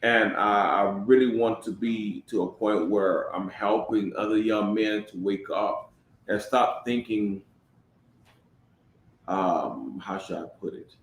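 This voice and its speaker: A man with a fairly low voice, co-hosting a podcast. He speaks earnestly and reflectively, and often breaks off to gather his thoughts. He sounds like he is in a roomy, echoey room. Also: slow, a little hiss or hum. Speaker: podcast co-host. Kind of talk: casual conversational podcast. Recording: roomy echo.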